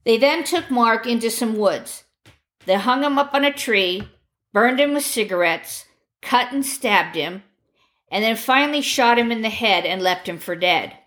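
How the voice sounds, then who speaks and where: A woman narrating a true crime story in a grave, measured reading voice. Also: on the high side, expressive, a bit bright.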